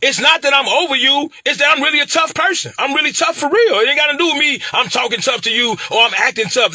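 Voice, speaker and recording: A middle-aged man from Chicago with a Chicago accent, talking on a livestream in an animated, preachy way and repeating phrases. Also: extremely high pitch, brisk, hardly any pauses, no room sound, clean studio sound. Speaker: livestream commentator. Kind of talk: casual livestream talk.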